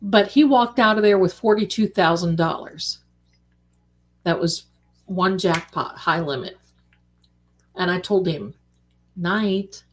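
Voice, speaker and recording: A woman hosting a casual late-night livestream, chatty and animated, calling her viewers darlings. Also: fairly low pitch, takes it slowly, long pauses. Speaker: livestream host.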